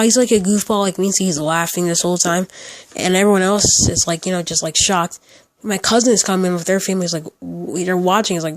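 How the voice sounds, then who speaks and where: A man's voice: high voice, dry recording. Rambling teenage boy telling a story. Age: teens. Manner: rambling, lots of "like" fillers and restarts. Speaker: storytime YouTuber. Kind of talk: casual storytime narration.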